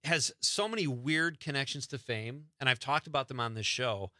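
A man's voice: medium pitch, moderate pace, pushed and bright, dry recording, clean studio sound. A man from Wisconsin hosting a radio show, chatting casually and rambling through a list of names. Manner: chatty, rambling name-dropping.

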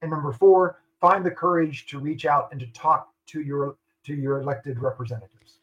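An older man with a fairly high, bright and forceful voice talks as a guest on a radio show. He numbers his points and repeats the key lines for emphasis, with the firm delivery of a retired army officer. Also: steady tone, moderate pace, poor audio. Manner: emphatic, lists points and repeats them for stress. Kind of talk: radio interview.

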